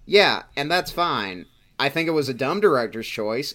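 Man, bright tone, opinionated, argumentative, casual chat. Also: mid-range voice, expressive, moderate pace. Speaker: podcast co-host.

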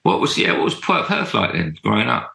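Rambling male podcast host, gravelly and roomy. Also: fairly low pitch, huge pitch swings, brisk. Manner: warm, rambling, apologetic questions with many repeated yeahs. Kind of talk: casual interview.

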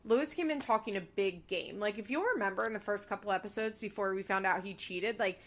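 A woman's voice: medium pitch, fast, a crowd in the background. A woman co-hosting a casual chat, animatedly retelling scenes with lots of filler words. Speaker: podcast co-host recapping a reality show.

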